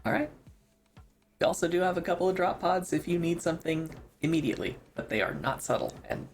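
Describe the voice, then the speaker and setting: A man running a tabletop game as game master, describing scenes in a relaxed way with many fillers. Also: fairly high pitch, fast talker, soft background music.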